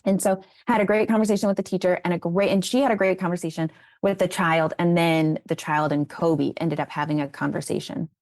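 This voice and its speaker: A woman's voice: on the low side, a little fast, dry recording, clean studio sound. A woman being interviewed as an educator, telling stories about raising children in an earnest, conversational way. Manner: earnest, animated when retelling conversations.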